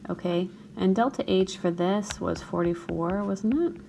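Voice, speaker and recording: This is a recorded screencast lecture in which a woman teacher goes through a chemistry problem, checking in with students often. Her medium-pitched voice is unhurried and a bit gravelly, like a morning voice, with background noise.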